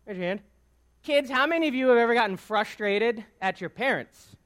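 A man's voice: very high voice, animated, brisk, a bit bright. A man preaching a conversational sermon to his congregation in church. He talks informally, poses questions to the room and keeps checking in with "right?". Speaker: pastor. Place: church sanctuary before a congregation.

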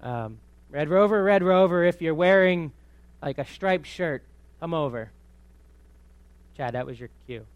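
Higher-pitched man telling a sermon story. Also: animated, unhurried, long pauses, smooth, dry recording, lo-fi sound. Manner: conversational storytelling with many restarts. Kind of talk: sermon testimony. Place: church.

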